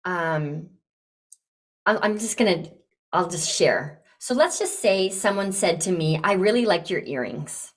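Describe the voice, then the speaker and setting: A woman coaching a client live on a podcast, encouraging and direct, acting out lively examples. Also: lowish voice, unhurried. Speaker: business coach and podcast host.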